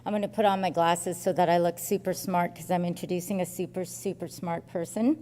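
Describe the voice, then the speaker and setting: A woman's voice: fairly low pitch, steady tone, brisk, mellow. A woman hosting a conference session and introducing the next speaker in an upbeat, playful way. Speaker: session host. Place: conference hall. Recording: reverberant conference hall.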